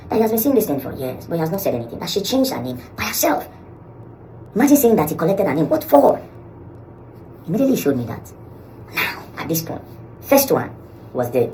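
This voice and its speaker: Nigerian male vlogger, quick and lively storyteller who acts out every quote. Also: medium pitch, slight background noise, low-quality recording. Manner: animated, acts out quoted dialogue, mixes Pidgin. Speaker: social media commentator. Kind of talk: storytelling vlog.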